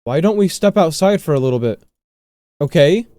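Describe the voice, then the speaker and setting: A man reading out the lines of a composed teenage girl who leads a school club, calm and gently persuasive. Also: on the high side, moderate pace, no room sound, lightly acted.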